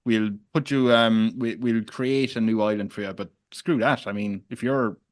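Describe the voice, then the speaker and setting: A man hosting a casual podcast chat, telling rambling stories with animated asides. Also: lowish voice, moderate pace, no echo, studio quality. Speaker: podcast host.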